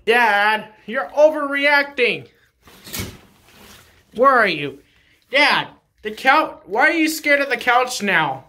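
Skit lead: bright, animated, exasperated, faint hiss behind. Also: mid-range voice, slow, pauses often. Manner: exasperated scolding. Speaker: skit performer playing the son. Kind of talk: comedy skit acting.

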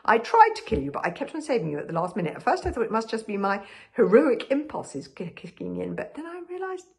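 A woman's voice: a little high, big pitch swings, fast, creaky, a little mellow. A woman voicing a big, sheepish, good-hearted male bodyguard who talks in an earnest, rambling way.

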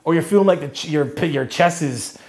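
A man's voice: a little high, a little fast, darkish tone. A man coaching fitness in casual commentary, talking energetically with slang and thinking aloud.

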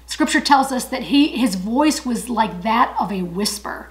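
A woman's voice: on the high side, a little slow, rough recording. A woman giving an encouraging Bible study talk, earnest and emphatic, repeating her key phrases.

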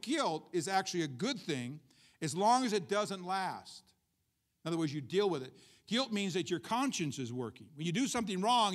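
A male pastor giving a conversational sermon at a church service, asking the congregation questions and tossing in joking asides. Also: high voice.

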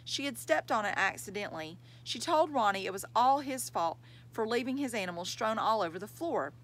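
Woman reader, children's novel, lively pitch, expressive. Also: brisk, rough recording. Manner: expressive storytelling. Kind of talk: reading a children's novel aloud.

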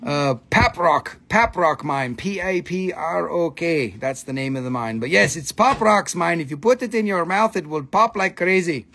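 A man's voice: a little high, moderate pace, vocal fry, few pauses. A man hosting a live mineral sales stream, chatting casually with viewers and swearing freely while he jokes. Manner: excitable, profane, joking with viewers. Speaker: host selling minerals on a livestream.

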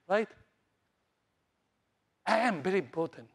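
A middle-aged man from Taiwan, a Taiwanese native speaker, preaching a sermon in broken English full of repeats and fillers, swinging between loud high bursts and soft low lines. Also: normal speed. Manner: animated, jumps between loud highs and soft lows. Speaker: pastor.

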